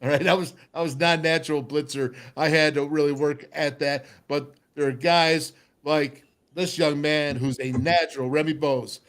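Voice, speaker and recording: A middle-aged man hosting a sports talk show, telling a lively football story and acting out voices. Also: a little high, moderate pace, few pauses. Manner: animated storyteller, acts out voices, laughs often. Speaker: radio show host, former football player.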